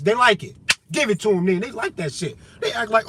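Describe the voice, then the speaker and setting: A man's voice: high voice, animated, fairly quick, noisy background. A man in an unscripted monologue, talking straight at his listeners in a profane, confrontational, heated way. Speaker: vlogger.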